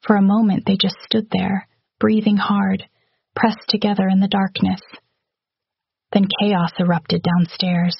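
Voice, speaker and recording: A woman narrates a story in a level, even-paced read. Her voice is gravelly and a little husky. The recording is dry and slightly dull. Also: medium pitch, unhurried. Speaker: audiobook narrator. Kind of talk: scripted narration.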